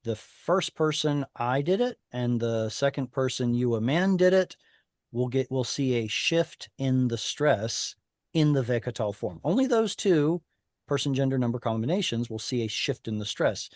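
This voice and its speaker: A man of middle pitch teaches a small online class in a patient, step-by-step way. He stops to put questions to his students. His voice is dry and close, with no room sound. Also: lively intonation, moderate pace, a little mellow, no room sound. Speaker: Hebrew teacher. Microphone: video call.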